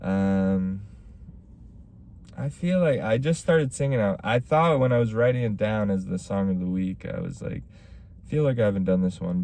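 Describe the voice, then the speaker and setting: Young male comic-host, low mellow voice, loose storytelling monologue. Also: gravelly, slight background noise. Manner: rambling storytelling with acted-out quotes. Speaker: podcast host; stand-up comic. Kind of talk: casual solo chat.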